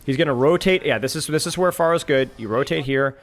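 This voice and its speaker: Man casually breaking down match plays. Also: on the high side. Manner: quick analytical commentary, relaxed chat with viewers. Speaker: streamer and coach. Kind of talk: casual match analysis and chat. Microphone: desk microphone.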